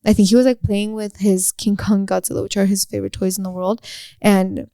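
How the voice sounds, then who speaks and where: Chatty young mom co-host, smooth dry voice. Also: female voice, medium pitch, flat delivery, fairly quick, mellow, dry recording. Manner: chatty, switches into Spanish phrases. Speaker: podcast co-host. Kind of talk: casual chat.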